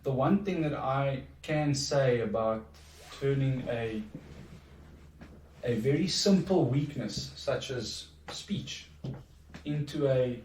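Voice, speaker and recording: A middle-aged man talks through his story on a podcast in a reflective, earnest way, often restarting his sentences. His voice sits at an ordinary pitch. The room is echoey and he sounds a bit away from the microphone. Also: slow, darkish tone, a little hiss or hum. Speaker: podcast guest. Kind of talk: casual conversation. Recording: echoey room, distant from mic.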